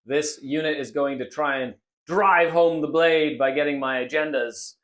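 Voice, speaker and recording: A man hosting a tabletop wargame battle report, narrating each turn in an animated way with frequent laughter and playful exclamations. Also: fairly high pitch, normal speed. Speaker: host and player.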